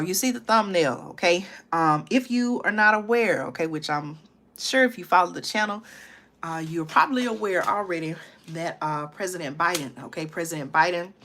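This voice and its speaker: A woman hosting her own live stream, chatting casually with viewers and often checking in with a quick "okay?" between thoughts. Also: lowish voice, fairly bright tone, a little hiss or hum. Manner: chatty, tags lines with "okay?" and "y'all"; drawn-out fillers and restarts. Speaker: livestream channel host. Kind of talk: casual livestream chat to viewers.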